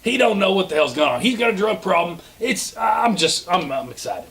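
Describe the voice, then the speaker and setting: A man co-hosting a casual chat, excitable, blunt and joking. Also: high-pitched, a little fast, vocal fry. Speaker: co-host.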